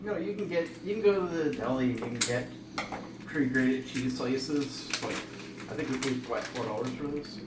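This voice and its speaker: Speaking at a moderate pace and medium pitch, a home cooking channel host gives a laid-back cooking demonstration in his kitchen. He explains the recipe as he works, chatting with a friend beside him. The mic sits far off, so the audio is noisy and echoey, with dishes, pots and pans clattering.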